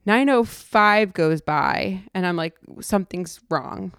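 A woman's voice: medium pitch, lively intonation, slow pace, a bit bright, clean tone, dry recording, clean studio sound. A young woman telling her birth story in a casual, emotional way, full of fillers and restarts. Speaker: podcast host. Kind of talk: personal storytelling.

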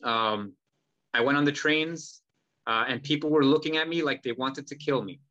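Brash, animated man, lo-fi sound. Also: mid-range voice, moderate pace. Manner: animated, profane, acts out heated exchanges. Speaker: podcast guest, holistic healer. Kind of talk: casual podcast conversation.

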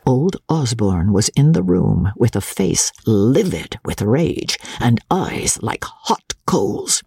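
A woman's voice: a bass voice, slow, breathy edge, no echo, clean studio sound. Theatrical woman narrating a classic novel. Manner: expressive, theatrical reading. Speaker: audiobook narrator.

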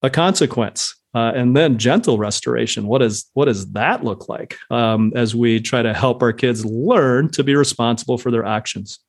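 A man's voice: mid-range voice, normal speed, few pauses. A man speaking as a podcast guest on parenting, talking thoughtfully with frequent fillers and quoting scripture. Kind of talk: casual podcast conversation.

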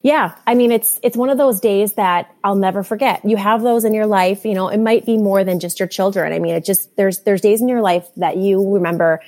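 A woman's voice: medium pitch, brisk, hardly any pauses. Candid mom telling her story. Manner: candid storytelling, animated retelling. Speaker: podcast guest, mother. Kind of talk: casual chat.

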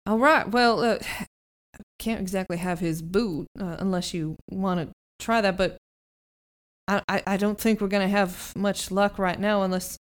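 A woman running a tabletop game as game master, with chatty, halting narration. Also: medium pitch, steady tone.

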